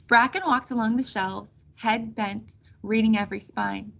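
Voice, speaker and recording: A woman reading a children's chapter book aloud in a steady storytelling manner. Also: fairly high pitch, measured pace, vocal fry. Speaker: reader.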